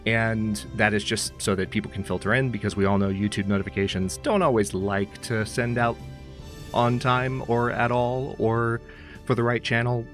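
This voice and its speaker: A man's voice: lowish voice, fairly even intonation, normal speed. A man hosting a livestream, chatting casually and rambling as he greets viewers by name, speaking into a close mic. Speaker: streamer host. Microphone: close studio mic. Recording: faint music behind.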